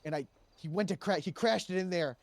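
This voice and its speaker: A man speaking in character as a police officer, telling a long story in an animated way and raising his voice when he quotes people. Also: sits high, fairly quick, no room sound. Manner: animated, raises voice when quoting others. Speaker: role-play player as police officer. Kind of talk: in-character role-play storytelling.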